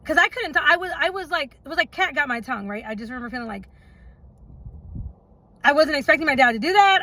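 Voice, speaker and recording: High-voiced woman telling a rambling story. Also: bright, forceful tone, low-quality recording. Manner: chatty and rambling, with frequent laughs and "right?" asides. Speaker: mother telling her story. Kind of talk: casual storytime vlog.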